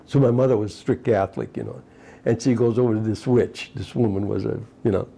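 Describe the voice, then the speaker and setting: A man's voice: lowish voice, fairly quick, creaky, warm tone. A man in his eighties, a retired fisherman, recalling his childhood in a rambling oral history interview, full of "you know" asides. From United States. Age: 80s.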